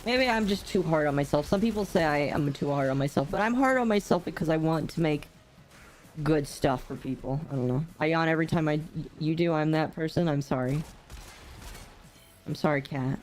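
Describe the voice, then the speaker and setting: With soft music in the background, a young adult woman streams a game and chats casually, reading chat aloud with self-deprecating humor. Though sleepy and yawning often, she talks briskly in a deep, darkish voice.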